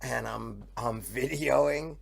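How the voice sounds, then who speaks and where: Gravelly-voiced podcast host. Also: male voice, medium pitch, takes it slowly. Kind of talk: casual chat. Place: boat in a harbor.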